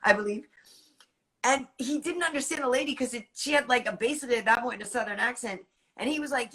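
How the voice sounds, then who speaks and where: Bright high-voiced woman from Massachusetts. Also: fast talker. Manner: laughs easily, animated storyteller. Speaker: host. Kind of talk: casual late-night chat.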